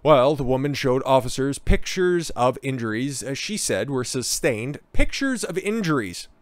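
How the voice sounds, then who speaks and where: A man's voice: mid-range voice, normal speed, no room sound. A man giving sarcastic, exasperated commentary, swearing often and mocking what he reads out.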